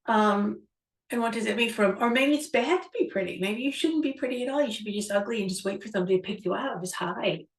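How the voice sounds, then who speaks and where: A woman's voice: a little high, quick pace. A woman hosting a show, musingly retelling a childhood story with a reflective, rambling manner. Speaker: host. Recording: echoey room, far from mic.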